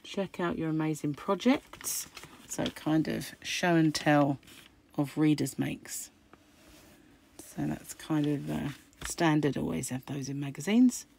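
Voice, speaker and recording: Croaky middle-aged craft host, deep gravelly voice, chatty and musing. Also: female voice, takes it slowly, darkish tone, slight background noise. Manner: chatty, musing aloud while flicking through pages. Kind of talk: casual magazine unboxing chat.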